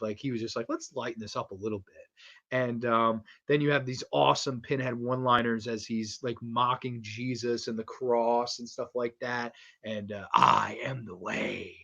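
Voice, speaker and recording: A man hosting a casual horror movie review livestream from home, rambling excitedly and swearing a lot. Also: medium pitch, muffled recording. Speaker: livestream host. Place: home streaming setup with posters behind.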